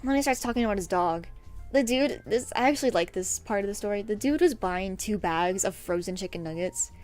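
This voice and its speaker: A young woman streaming while she draws, telling a story in an animated, rambling way, with lots of fillers and laughs. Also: medium pitch, fairly quick. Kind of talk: casual storytelling chat while drawing. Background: faint background music.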